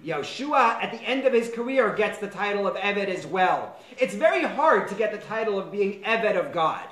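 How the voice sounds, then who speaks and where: A man teaching a class on a biblical book as a rabbi, quoting lines in varied, animated tones. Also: high-pitched, normal speed, roomy sound, low-quality recording. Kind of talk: lecture on a biblical text.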